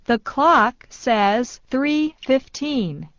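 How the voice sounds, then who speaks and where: Very slow woman reading English phrases. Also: sits high, dry recording. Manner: slow, even repetition of each phrase. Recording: dull dry studio sound.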